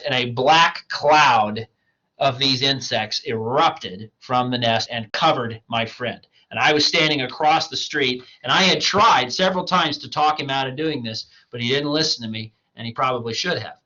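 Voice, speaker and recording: Bright-voiced male writing instructor, hoarse. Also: medium pitch, lo-fi sound. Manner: casual, addresses students as "you guys", fillers "um", "right?". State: losing his voice. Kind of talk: recorded online lecture.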